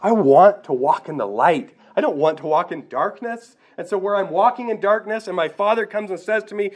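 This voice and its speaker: Earnest higher-voiced male preacher. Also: moderate pace, few pauses. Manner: earnest preaching, rhetorical questions, acts out quoted voices. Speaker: pastor. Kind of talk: sermon.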